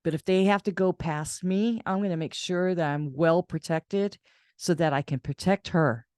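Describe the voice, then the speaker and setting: A woman's voice: normal speed, clear, resonant tone, no echo, clean studio sound. A woman caregiver telling a personal story in a casual vlog, acting out the voices in the dialogue she quotes. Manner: animated, acts out quoted voices in a higher pitch. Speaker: caregiver and channel host.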